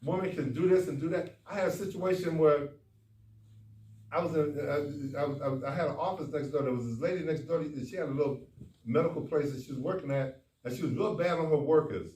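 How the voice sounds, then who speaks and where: A man, a doctor, giving a folksy, animated talk at a men's conference, speaking straight to the audience. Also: a little high, a little fast. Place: conference room. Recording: echoey hall, far from the mic, faint noise.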